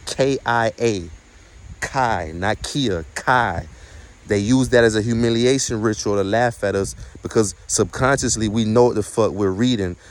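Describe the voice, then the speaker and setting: A man vlogging outdoors at night in the wind, talking quietly and mellow in a preachy way and swearing often. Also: on the low side. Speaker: spiritual vlogger. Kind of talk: casual outdoor vlog.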